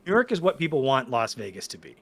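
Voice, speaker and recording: Guy in his 40s guesting on a podcast, bright punchy voice, rambly excited storyteller, lots of restarts. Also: medium pitch, fast talker, gravelly. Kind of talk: casual chat.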